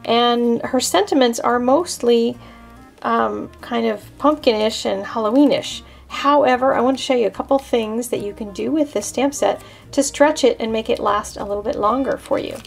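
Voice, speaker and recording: Woman, craft tutorial host, chatty, step-by-step explaining, fairly high voice, faint music behind. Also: normal speed, gravelly. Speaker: card-making host.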